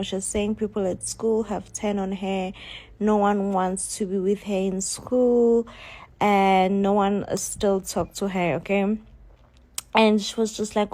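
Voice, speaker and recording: Chatty woman recapping a show. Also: mid-range voice. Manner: chatty and expressive, repeats phrases for emphasis. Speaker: TV show reviewer. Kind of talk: casual episode recap.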